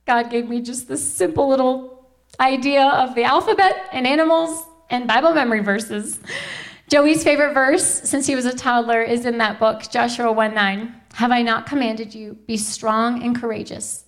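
A woman in her thirties giving a heartfelt faith testimony to a live audience, earnest and chatty with laughing asides to the crowd. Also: fairly high pitch. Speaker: Christian speaker.

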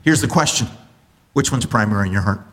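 Preaching to his congregation, a man throws out rhetorical questions and shifts from booming enthusiasm to hushed earnestness. His delivery is brisk, with lively intonation.

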